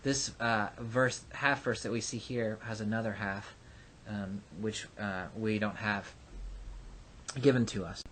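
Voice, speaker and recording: A man teaching a recorded lesson, explaining patiently with frequent pauses and fillers. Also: on the low side, fairly even intonation, a bit bright, a little hiss or hum. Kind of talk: recorded lecture.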